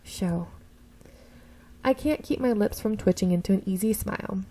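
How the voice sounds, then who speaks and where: A woman reading a visual novel aloud in the first person, expressive and stopping to correct her own slips. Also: medium pitch, quick pace, rough recording. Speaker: game streamer reading a story game aloud.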